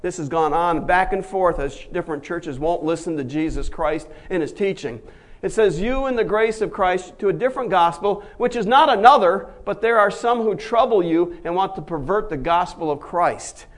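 A male pastor delivering a sermon in a fairly high voice. He preaches emphatically, climbing to loud, forceful peaks before falling back to quiet, low stretches. He acts out the voices of the figures he quotes. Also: moderate pace.

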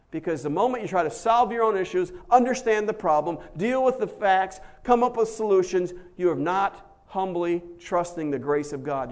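A man with a high voice preaching a lively sermon. He talks to the congregation in a conversational way and swings into excited, acted-out quotes. His delivery is animated. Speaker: pastor.

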